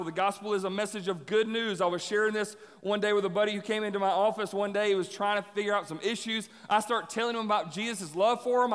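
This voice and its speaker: High-voiced preacher in a reverberant hall. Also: male voice. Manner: animated storyteller, acts out voices. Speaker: pastor. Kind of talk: sermon with personal stories.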